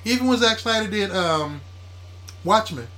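A man in casual podcast chat, animated and profane, often talking over his co-host. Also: high voice, normal speed.

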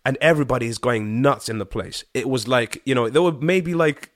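A man from Zimbabwe, a guest singer-songwriter, telling a story in casual chat, animated and slangy, with frequent swearing and fillers. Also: medium pitch, a little fast, no echo, studio quality.

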